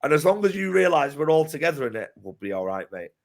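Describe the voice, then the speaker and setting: A man chatting passionately as co-presenter, getting loud and emphatic. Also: on the high side, big pitch swings, fast, gravelly, crowd noise. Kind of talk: casual chat.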